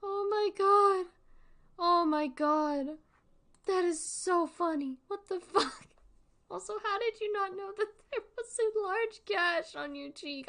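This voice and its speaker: A woman's voice: very high voice, pushed and bright. A young woman reading creepypastas aloud with comic commentary, swearing a lot and breaking into laughter. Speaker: creepypasta reader and reactor.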